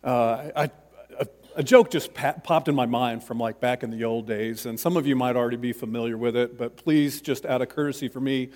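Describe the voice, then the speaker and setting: Chatty pastor in an echoing church. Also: male voice, medium pitch, fairly quick, darkish tone. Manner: self-deprecating, chatty, many restarts. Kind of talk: sermon.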